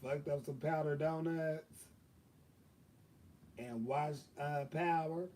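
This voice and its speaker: A man's voice: fairly high pitch, steady tone, slow pace, a little mellow, far from the mic, slight background noise. A man telling a long story on his own live stream, casual and profane, with lots of fillers. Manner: profane, drawling, chatty with many fillers. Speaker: livestream host.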